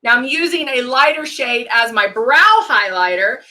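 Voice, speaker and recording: A woman's voice: a little high, animated, normal speed, pushed and bright. A middle-aged woman hosting a makeup live stream, chatting casually as she works and greeting viewers by name. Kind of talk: casual demo chat.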